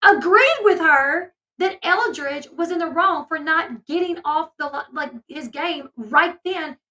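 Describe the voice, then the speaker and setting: A woman's voice: very high-pitched, unhurried, pushed and bright, low-quality recording. A woman from the States, talking in a chatty, indignant way full of fillers as she gives gossip commentary on a vlog. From Southern United States. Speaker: commentary YouTuber.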